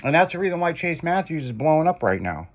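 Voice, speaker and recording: A man's voice: on the high side, sing-song, fast. A man hosting a radio show, telling loose, profane stories in casual chat. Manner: rambling, profane, loose storyteller.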